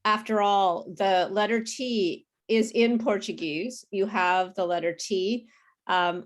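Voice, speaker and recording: A woman tutoring English pronunciation over a video call, explaining slowly and patiently. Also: mid-range voice. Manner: slow, careful teacher explaining with apologies and laughs. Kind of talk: online pronunciation lesson.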